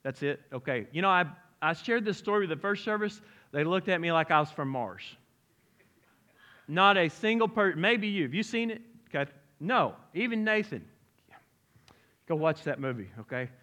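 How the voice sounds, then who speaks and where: A middle-aged man preaching a sermon in a church, lively and conversational, joking and asking the congregation direct questions. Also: on the high side, normal speed. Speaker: pastor. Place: church sanctuary.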